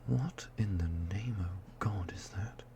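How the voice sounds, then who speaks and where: A man's voice: low voice, slow, noisy background. A man doing whispered ASMR outtakes on a close microphone, self-deprecating and giggly, slipping between whispers and normal speech. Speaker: ASMR storyteller.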